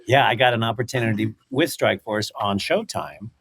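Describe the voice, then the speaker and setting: A man in his fifties, a guest in a casual interview, telling stories in an animated way, acting out quotes and laughing often. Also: lowish voice, a little fast, slightly rough, no echo. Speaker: guest, former fighter and commentator.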